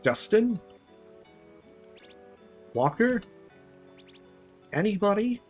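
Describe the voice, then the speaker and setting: A man's voice: high-pitched, big pitch swings, very slow, a little mellow, soft background music, voice pushed up, heavily acted. A man voicing a frightened game hero who calls out for friends and pleads not to be left alone. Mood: pleading. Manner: pleading, calling out.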